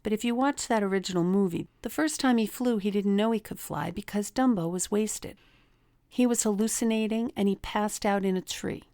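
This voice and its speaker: A middle-aged woman hosts a self-help talk on relationships, with a gravelly, creaky edge to her voice. She teaches through personal anecdotes and acts out the people she quotes. The sound is dry and close, with no room echo. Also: medium pitch, normal speed, mellow. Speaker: relationship coach, podcast host.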